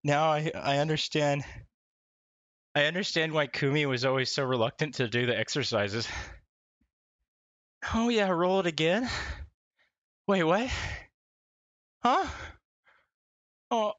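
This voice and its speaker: Excitable, laughing man streaming from home. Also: fairly high pitch, normal speed, long pauses, no room sound, highs cut off. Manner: laughing often, swearing, excitable. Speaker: livestreamer. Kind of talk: casual live-stream chat. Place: home room at a desk. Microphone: desk mic, wearing wired headphones.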